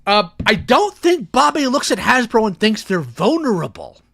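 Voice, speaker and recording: A man's voice: high voice, moderate pace, creaky. A man giving casual, sarcastic commentary as a YouTuber, talking while he clicks through files. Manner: sarcastic, lively, talks while working the computer.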